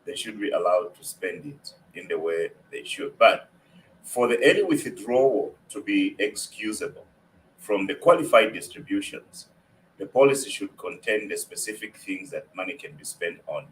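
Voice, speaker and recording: Deep-voiced man, emphatic. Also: lively intonation, normal speed, a little hiss or hum, rough recording. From Zambia. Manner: emphatic, repeats key points. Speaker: guest economist. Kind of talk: public policy discussion.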